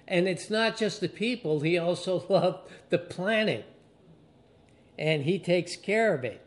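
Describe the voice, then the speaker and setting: A pastor preaching a sermon to his congregation, slowly stressing key phrases and drawing out his emphasis. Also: high-pitched, expressive. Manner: slow, deliberate preaching with drawn-out emphasis.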